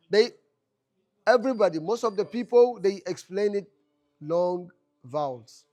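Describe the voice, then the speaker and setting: A man's voice: high voice, animated, unhurried, pauses often, a little mellow. A man teaching an Arabic class in a mosque classroom, asking the students questions and answering them himself, repeating key phrases. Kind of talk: classroom lecture.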